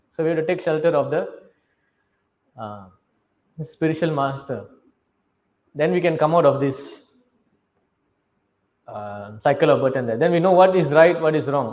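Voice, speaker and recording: A middle-aged man preaching a scripture class in a fairly high voice. He tells the story with energy, acts out what each character says and keeps turning to the audience with questions. His English is fluent but not native. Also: normal speed, pauses often. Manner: animated storyteller, asks the audience questions, acts out quoted dialogue; non-native English phrasing. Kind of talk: sermon, storytelling.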